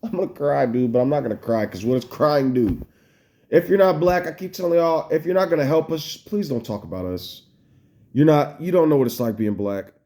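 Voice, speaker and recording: An American man speaks straight to camera in a raw personal vlog, upset and rambling, his voice sitting a bit higher than most men's. He swears freely and circles back on his thoughts as he vents. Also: brisk, dark tone. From United States. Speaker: vlogger. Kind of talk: emotional personal vlog rant.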